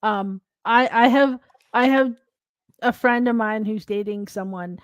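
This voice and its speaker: A woman co-hosting a podcast in casual chat, rambling in a relaxed way and laughing often over a video call. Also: on the high side, unhurried, dry recording, muffled recording. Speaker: podcast co-host.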